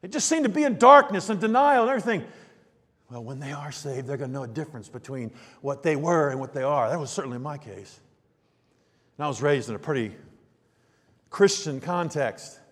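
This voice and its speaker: Animated male preacher in echoing hall. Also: on the high side, brisk, breathy edge. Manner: animated, swings from hushed to emphatic. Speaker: pastor. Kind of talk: sermon. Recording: long hall reverb.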